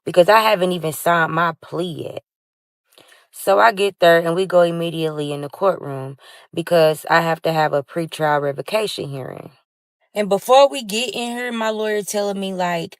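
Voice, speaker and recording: A woman's voice: on the low side, normal speed, no echo. A woman telling her own story as a casual storytime monologue, dramatic and speaking straight to her viewers, swearing freely.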